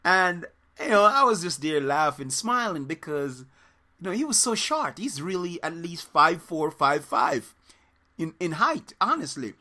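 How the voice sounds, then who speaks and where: Brief: male soccer coach, casual vlog host, bright tone, lively and rambling delivery. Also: a little high, unhurried. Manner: animated, rambling, with many fillers and quoted voices. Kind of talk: casual storytelling to camera.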